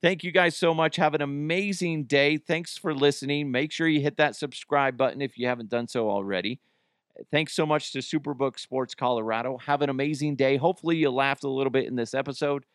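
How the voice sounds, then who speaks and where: A man in his thirties hosts a casual solo podcast at a mid-range pitch. He rambles and jokes, swears freely, and laughs at his own bits. The sound is dry and close, with no room echo. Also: fairly even intonation, fairly quick, smooth. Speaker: podcast host.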